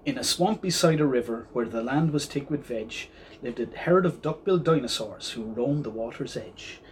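Man, storyteller, children's picture book, rhythmic rhyming read-aloud, mid pitch. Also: animated, normal speed, slight background noise.

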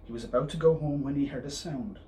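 A man reads a children's picture book aloud, lively and expressive, his voice rising with the story. He sits back from the mic, with a faint hiss in the background. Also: mid-range voice, fast talker, recorded from a distance, poor audio.

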